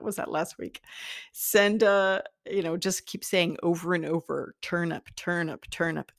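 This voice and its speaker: A woman's voice: fairly low pitch, gravelly, dry recording, clean studio sound. A middle-aged woman talking in a chatty teaching style, laughing often and restarting her sentences. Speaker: spiritual teacher. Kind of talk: casual teaching talk.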